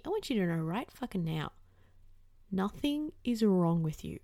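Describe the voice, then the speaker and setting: A young woman hosts her own podcast in a loose, chatty monologue. She swears freely and scatters fillers through her talk, and her pitch sits in the middle. The recording is dry and close. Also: sing-song, normal speed, warm tone, no echo. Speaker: podcast host. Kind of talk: casual monologue.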